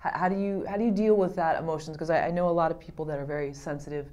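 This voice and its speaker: A woman's voice: deep voice, steady tone, rapid-fire, mellow. A woman interviewing a guest, asking questions in a conversational, tentative way.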